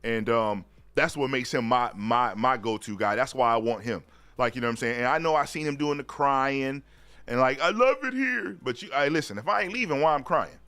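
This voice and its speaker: A man's voice: mid-range voice, a little fast, smooth. Male sports stream host, casual slangy talk, reads chat aloud, mid-range voice. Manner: loose slang-heavy chat, repeats "you know what I'm saying"; reads viewer chat aloud and shouts out viewers.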